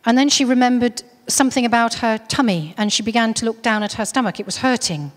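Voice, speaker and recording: A woman's voice: fairly high pitch, quick pace. Woman recounting a story in a reverberant hall. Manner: earnest storytelling with frequent restarts. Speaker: speaker on UFO contactees. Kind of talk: recounting a case story in a talk.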